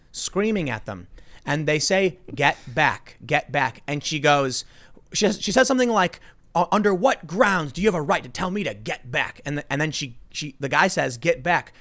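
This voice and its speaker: Animated male host, lively swooping pitch. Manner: animated storyteller, acts out quotes in mocking voices. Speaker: podcast host. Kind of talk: casual political talk show banter.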